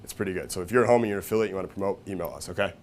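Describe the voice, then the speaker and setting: Rapid-fire and profane, a man with a somewhat low voice delivers a casual live seminar, checking in with listeners again and again via "right?" and "okay?" He bursts into loud, squeaky impressions whenever he quotes someone, swinging widely in pitch and volume. Some faint room noise is audible underneath.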